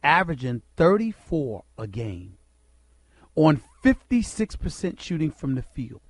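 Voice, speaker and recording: Man, sports radio host, high-pitched, emphatic rhetorical monologue, dry studio mic. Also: sing-song, unhurried, dry recording. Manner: emphatic, rhetorical, addresses listeners directly.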